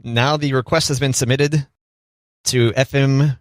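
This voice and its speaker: A man's voice: medium pitch, steady tone, unhurried, no room sound. A male radio co-host banters with a mid-range voice. He makes joking, mock-sentimental asides. The studio sound is dry and close.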